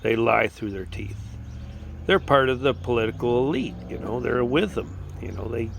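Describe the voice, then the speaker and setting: A man's voice: mid-range voice, lively intonation, moderate pace, creaky, a little hiss or hum. A man delivering a casual, indignant political rant, often repeating "you know" as a filler. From United States. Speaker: political commentator.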